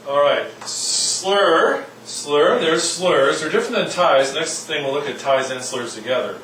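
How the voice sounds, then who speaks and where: A man's voice: a little high, lively intonation, measured pace, a bit bright. A man teaching a casual music lesson, joking around and singing short demonstration syllables. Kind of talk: informal classroom lesson. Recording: echoey room, mic at a distance, faint noise.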